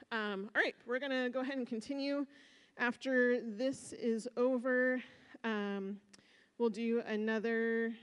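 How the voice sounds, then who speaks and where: A woman leading a camp staff training, talking casually with a loose, relaxed flow and frequent fillers. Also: medium pitch.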